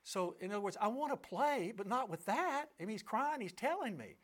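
A man's voice: sits high, sing-song, fairly quick, hardly any pauses, fairly bright tone. A middle-aged man telling a personal story to an audience, emphatic and asking listeners rhetorical questions. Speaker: speaker addressing an audience.

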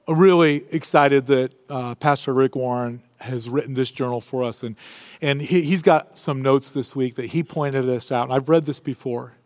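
A male pastor preaching a sermon to a live congregation, animated and humorous in a conversational way. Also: fairly high pitch, dry recording, studio quality. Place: church before a live congregation.

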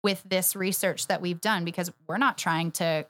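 A chatty woman co-hosting a church podcast in a relaxed, conversational way. She laughs easily and backs up her partner with emphatic agreement, heard close and dry with no room sound. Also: on the low side, normal speed, no echo. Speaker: podcast co-host, church next steps director. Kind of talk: casual chat.

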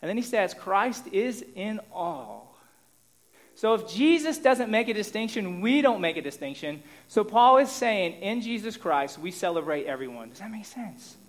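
A man's voice: sits high, animated, moderate pace, few pauses. Conversational male pastor preaching. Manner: conversational preaching with rhetorical check-ins; swings between loud emphasis and quiet asides. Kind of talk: sermon.

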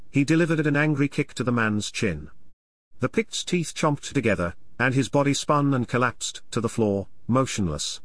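A man narrating an adventure novel in a measured, expressive storytelling manner. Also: mid-range voice, no room sound. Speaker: audiobook narrator. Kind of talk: scripted narration.

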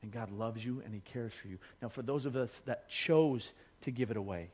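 A middle-aged man from Colorado, a pastor giving a sermon, telling funny stories and then dropping to a soft, earnest tone. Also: normal speed, husky. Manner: humorous storytelling, energetic, drops low and soft for earnest appeals.

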